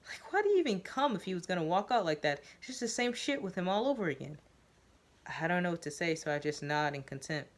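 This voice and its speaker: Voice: medium pitch, sing-song, brisk. A reader narrating a first-person story aloud, in a plain voice with small stumbles and repeats.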